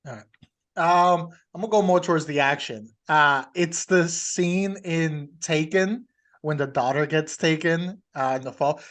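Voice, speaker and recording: A man co-hosting a podcast, telling stories in a relaxed way and laughing often. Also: on the high side, unhurried. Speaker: podcast co-host. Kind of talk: casual chat.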